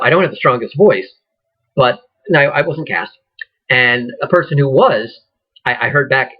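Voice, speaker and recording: A man's voice: medium pitch, breathy edge. A man teaching an acting class in a casual, conversational way, thinking aloud and often restarting sentences. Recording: dull lo-fi recording.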